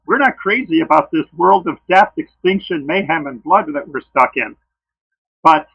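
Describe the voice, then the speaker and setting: Gravelly, earnest man in a lo-fi recording. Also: on the high side, no room sound. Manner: earnest, tells personal stories, says pissed off. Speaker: creationist speaker. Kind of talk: friendly debate conversation. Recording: dull lo-fi dry sound.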